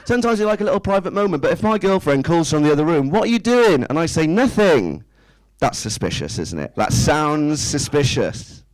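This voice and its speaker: A man's voice: fairly high pitch, expressive, fairly quick, hardly any pauses, dry recording, rough recording. A man, doing a stand-up set in a small club, chatty and self-mocking, tossing rhetorical questions at the crowd. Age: 30s. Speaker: stand-up comedian. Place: small indoor comedy club stage.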